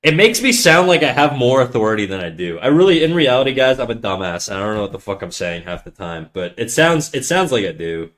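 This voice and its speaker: Fast-rambling man with a bassy, nasal voice. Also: very animated, a bit bright. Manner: fast rambling talk with frequent stutters and restarts; swearing, slangy, calls listeners dude. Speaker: live streamer. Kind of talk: casual chat reading viewer comments.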